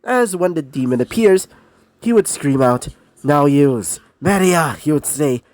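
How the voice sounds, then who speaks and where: A man's voice: fairly high pitch, very animated, moderate pace, a little mellow, no room sound. Young guy rambling thru a fan story, lots of "you know", voice jumps up and down a lot. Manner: rambling, many "you know" fillers and asides. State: clearing a sore throat. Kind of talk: casual improvised fan-fiction narration.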